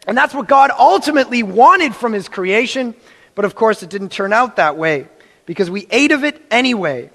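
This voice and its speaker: A man preaching a sermon, telling a personal story with animated delivery and acted-out quotes. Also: high-pitched, normal speed, big-room sound.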